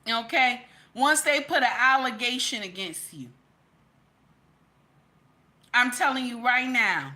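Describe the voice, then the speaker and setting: Bright, emphatic woman commentator. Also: fairly high pitch, animated, slow pace, pauses often. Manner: chatty and emphatic, keeps repeating "okay?"; addresses viewers directly as "baby" and "y'all". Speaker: social media commentator. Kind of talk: casual live commentary.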